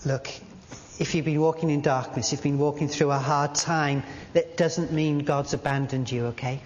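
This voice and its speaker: A man preaching a sermon in a church, halting at times with fillers and restarts, and reading aloud from a book. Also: fairly high pitch, fairly even intonation, a little mellow, a little hiss or hum. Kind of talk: sermon with a read-aloud story. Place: church hall. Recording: dull sound in a large reverberant hall.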